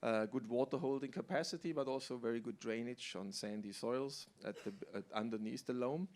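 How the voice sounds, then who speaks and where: A middle-aged man from Germany speaks on a panel as a winemaker, at a middle pitch. His delivery is relaxed, and he tells his story with fillers. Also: a little fast. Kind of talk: panel talk.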